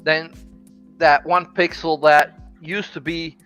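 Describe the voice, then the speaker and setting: A man with a fairly high voice chats bluntly on a stream, cursing casually as he chimes in. Faint music hums behind. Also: level tone, takes it slowly, a bit bright, smooth, dull audio.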